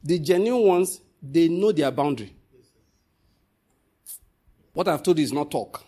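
Male pastor, high-pitched and husky, animated sermon delivery. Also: a little slow. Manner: animated, swings from loud scolding to low storytelling. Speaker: preacher.

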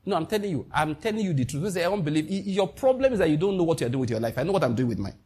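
A man with a Nigerian accent preaching a sermon as pastor, emphatic and animated, with Pidgin asides. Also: on the high side, very fast, slightly rough.

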